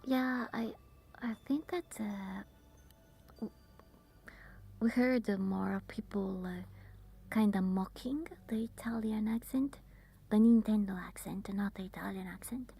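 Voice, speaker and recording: A woman talks to her livestream viewers in a soft ASMR whisper. Her voice is breathy and mellow, and her pace is slow. She often stops and restarts with small fillers. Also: medium pitch. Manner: halting, with many fillers. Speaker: ASMR streamer.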